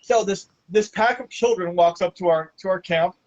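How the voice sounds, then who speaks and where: Animated host-storyteller, mid pitch, slightly muffled lo-fi audio. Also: moderate pace. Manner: animated, laughing through the telling. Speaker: podcast host. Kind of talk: casual storytelling.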